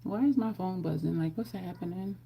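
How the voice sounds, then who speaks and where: Gravelly, mellow-voiced woman vlogger. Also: lowish voice, fairly quick, a little hiss or hum. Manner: chatty, rambling asides. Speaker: makeup vlogger. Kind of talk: casual makeup tutorial chat.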